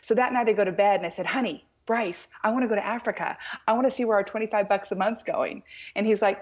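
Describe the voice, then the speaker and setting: An American woman, middle-aged, telling a story as an author guest in an interview, lively and quoting people in animated voices. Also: medium pitch, brisk. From United States. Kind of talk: storytelling in a talk-show interview.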